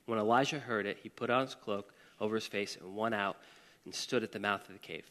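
A man's voice: fairly low pitch, steady tone, fairly quick, fairly bright tone, big-room sound. A man preaching a conversational sermon to a church audience, chatty and casual, with asides and questions to the room. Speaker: pastor. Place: church service hall.

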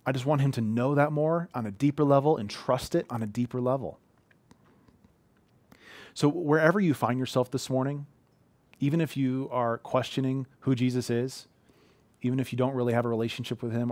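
A man's voice: medium pitch, darkish tone, no room sound. A man in his thirties giving an earnest, conversational sermon from a living room, telling heartfelt personal stories. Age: 30s. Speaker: pastor.

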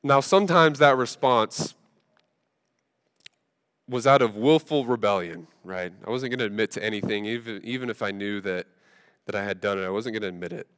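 A man preaching a sermon, telling a funny story in a relaxed, conversational way with lots of fillers. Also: on the low side, moderate pace, smooth. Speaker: pastor. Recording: long reverb from a large hall.

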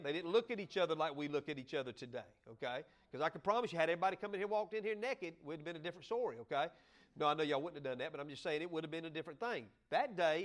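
A man with a high voice and a drawl preaches to his church. He talks in a folksy, joking way and now and then bursts out loud. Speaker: pastor. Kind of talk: sermon.

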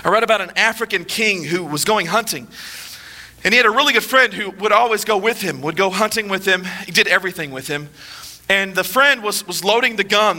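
A male pastor preaching a sermon with emphatic repetition, dropping low and quiet for solemn points.

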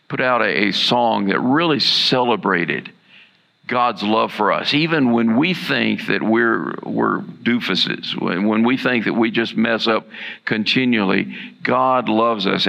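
A man preaching a sermon as pastor, earnest and repeating key lines for emphasis, with a gravelly voice. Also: lowish voice, pushed and bright.

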